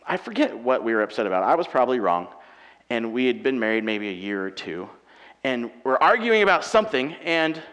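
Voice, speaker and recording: A married man preaching a sermon with animated, self-mocking humor, acting out everyday quarrels. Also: mid-range voice. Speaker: pastor. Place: church auditorium. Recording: long reverb of a large hall.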